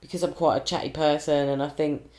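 A woman, a singer and compère, chatting in an interview and telling stories with lively put-on quotes. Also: low-pitched, fast. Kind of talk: casual interview chat.

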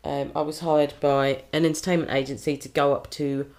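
Chatty low-voiced woman. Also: fairly quick. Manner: chatty, animated storytelling with lively put-on quotes. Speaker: singer and compère. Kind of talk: casual interview chat.

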